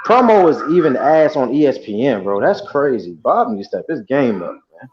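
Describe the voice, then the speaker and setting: A man's voice: medium pitch, sing-song, moderate pace, muffled recording. A man co-hosting a casual, profane chat, repeating himself to drive his point home. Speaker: podcast co-host.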